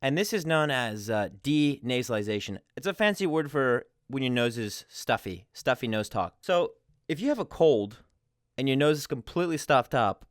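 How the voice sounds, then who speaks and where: A man's voice: medium pitch, animated, normal speed, no echo, studio quality. A man giving a casual, friendly lesson as a language teacher, explaining step by step with examples.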